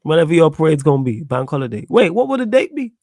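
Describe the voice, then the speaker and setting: A man's voice: a little high, very animated, fast, a little mellow, no room sound. A young man from Manchester with a Mancunian accent, hosting a casual football chat, laid-back and slangy, laughing often. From Manchester, England. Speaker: podcast host.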